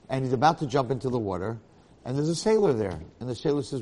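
A man giving a Torah lecture, telling a parable in an animated way and acting out the characters' lines. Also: medium pitch, fast talker, big-room sound. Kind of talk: storytelling lecture.

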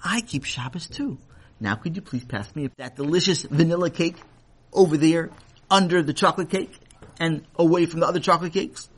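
A man's voice: a little high, normal speed, a bit bright, slightly rough. A man voicing a polite, persistent young male Torah scholar in a children's story, with a coaxing, questioning manner. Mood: cheerful pleading.

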